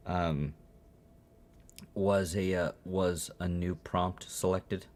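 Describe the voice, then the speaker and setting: A man co-hosting a podcast, chatting casually in a dry, deadpan way with halting fillers. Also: low voice. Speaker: podcast co-host. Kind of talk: casual chat.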